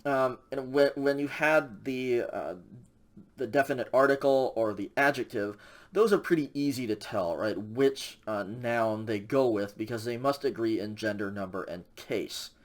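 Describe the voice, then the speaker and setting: Man, language teacher, recorded lecture, casual, lots of ums and okays, average pitch. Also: measured pace. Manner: casual, many fillers and checks like "okay?". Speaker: Greek instructor.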